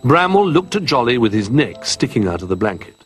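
Expressive man reading a children's story. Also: medium pitch, brisk, faint music behind.

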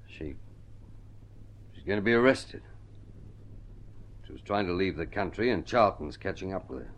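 A defeated, weary husband speaks tersely in a vintage radio play. His voice is very deep yet moves around a lot in pitch. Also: moderate pace, muffled recording. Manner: flat and terse, flaring up when stung. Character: weary, defeated man in a failing marriage. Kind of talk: vintage radio drama acting.

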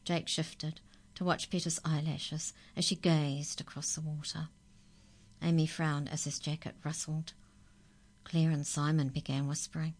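A woman calmly reading a children's story aloud. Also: sits low, unhurried.

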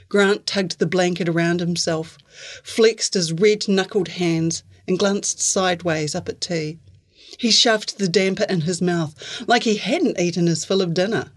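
A woman author reading her own fiction aloud in an even, clear storytelling manner. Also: fairly low pitch, measured pace. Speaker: author reading their work.

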